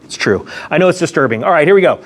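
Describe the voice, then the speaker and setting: A man's voice: on the high side, rapid-fire. A man hosting his own economics commentary vlog, talking casually and sarcastically from a room near a window. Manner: sarcastic, animated, laughs at own jokes. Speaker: host of an economics commentary channel.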